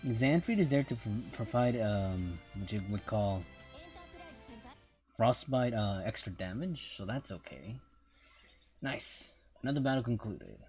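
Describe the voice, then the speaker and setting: A man's voice: fairly low pitch, lively intonation, measured pace, darkish tone, soft background music. A man streaming a mobile game, rambling through casual commentary and often repeating himself.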